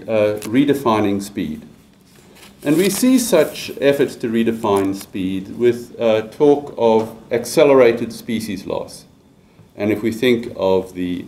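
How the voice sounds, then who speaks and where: A man giving an academic lecture, measured, with frequent fillers and repeated restarts. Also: fairly low pitch, dark tone, low-quality recording. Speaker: university lecturer.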